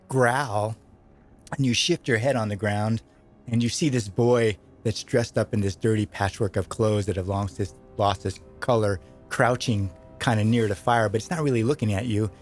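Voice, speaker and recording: A man's voice: medium pitch, darkish tone. A man narrating as game master of a tabletop role-playing game, describing scenes vividly in a casual way.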